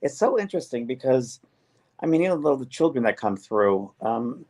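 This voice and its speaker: A middle-aged spiritual medium co-hosts a casual chat, speaking earnestly and emotionally in a mid-range, sing-song, slightly mellow voice at a moderate pace. He often relays what spirits tell him in their own words.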